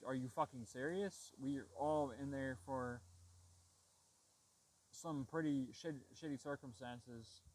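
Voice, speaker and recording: A man's voice: mid-range voice, poor audio. A young man telling a story about a shelter in a casual, frustrated rant, swearing heavily and restarting his sentences. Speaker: vlogger.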